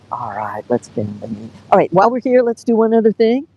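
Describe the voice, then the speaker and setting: A woman over fifty leads a live yoga class from a beach, coaxing her students gently into each stretch and counting out their breaths. Her voice sits in a mid range with a mellow, warm tone. A faint low rumble runs underneath. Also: sing-song, brisk, muffled recording. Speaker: yoga teacher. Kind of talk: live outdoor yoga instruction. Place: outdoors on a beach.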